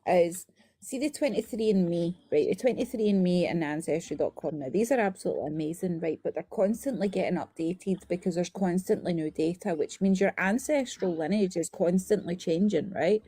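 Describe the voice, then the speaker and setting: A woman chatting casually on a live stream, telling animated stories and checking in with "right?" as she goes. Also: on the low side, fairly quick, breathy edge, no echo. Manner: animated storytelling, frequent "right?" tags. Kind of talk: casual chat.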